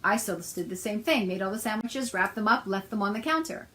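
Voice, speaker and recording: A woman's voice: medium pitch, lively intonation, fairly quick, a bit bright, rough recording. A middle-aged woman talking casually to her viewers, telling a personal story in a chatty way with a sarcastic edge. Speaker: self-help author and host.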